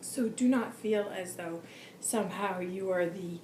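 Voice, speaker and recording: A solemn, ancient male spirit guide speaks in slow, formal pronouncements, as a woman with a scratchy, tired voice relays his words. The sound is echoey and carries steady background noise. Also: medium pitch, close to an everyday voice. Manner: formal, measured pronouncements starting with "indeed". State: scratchy, fatigued voice.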